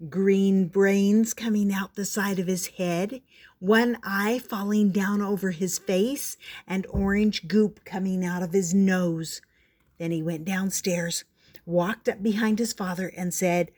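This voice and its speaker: Older woman, storybook reader, slow and gentle delivery. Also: medium pitch, steady tone. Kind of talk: reading a picture book aloud.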